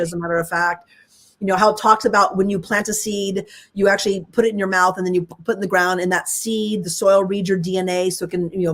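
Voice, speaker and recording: A woman hosting a casual conversation, telling stories animatedly and jumping up high when she voices her own reactions. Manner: animated storytelling, voice leaping high for quoted reactions. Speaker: host.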